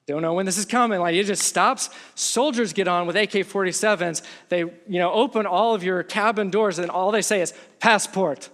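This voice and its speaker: A middle-aged man preaching a sermon as pastor, telling a story in a lively way and acting out what people said. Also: sits high, brisk, few pauses. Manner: animated storytelling, acts out quotes. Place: church sanctuary. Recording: long reverb of a large hall.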